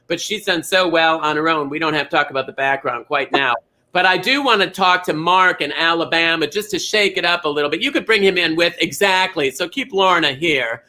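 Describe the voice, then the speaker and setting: High bright campy bingo host man. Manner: chatty, scattered, jokey. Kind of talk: campy live bingo calling and chat.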